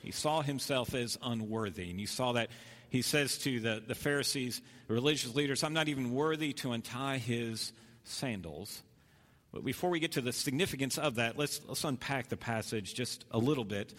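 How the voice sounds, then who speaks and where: A man's voice: medium pitch, moderate pace, a bit bright. Man preaching in a reverberant hall. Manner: earnest, repeats phrases, frequent restarts. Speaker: pastor. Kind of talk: sermon.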